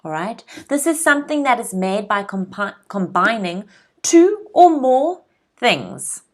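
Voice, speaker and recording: A woman's voice: on the high side, big pitch swings. A woman from South Africa teaching English vocabulary, drilling pronunciation and checking in with learners. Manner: slow, clear pronunciation drills with frequent check-ins. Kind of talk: vocabulary lesson.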